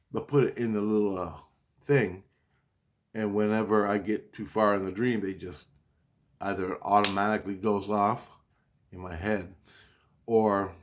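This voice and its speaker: A man with a fairly low voice talks in a loose, rambling monologue. He swears freely and keeps stopping and restarting his sentences, sounding agitated. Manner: profane, agitated storytelling with frequent restarts. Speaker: vlogger recounting a dream.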